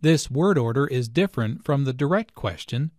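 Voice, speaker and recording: A man explains English phrases in a slow, clear, carefully paced lesson voice. His pitch sits in a middle range, and the recording is dry and close. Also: lively intonation, a little mellow, no echo. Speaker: English teacher. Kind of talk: scripted lesson narration.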